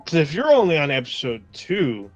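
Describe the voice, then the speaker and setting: A man's voice: fairly high pitch, very animated, normal speed, dry recording, muffled recording, soft background music. A man co-hosting a podcast in casual chat. He rambles, swears freely and retells scenes along with his own quoted reactions. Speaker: podcast co-host.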